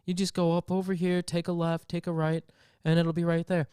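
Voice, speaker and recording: A man's voice: fairly high pitch, little pitch movement, fairly quick, dark tone, clear, resonant tone, dry recording, studio quality, voice pushed up, natural voice. A man voicing a casual, helpful male passerby giving directions. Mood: easygoing.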